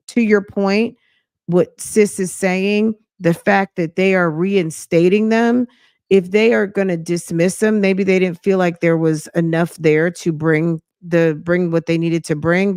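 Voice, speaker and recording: A woman's voice: on the low side, darkish tone, clean tone, no room sound, studio quality. Sassy woman commenting on a clip. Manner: chatty, sassy, addresses viewers as sis. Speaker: reaction commentary host. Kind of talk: casual reaction commentary.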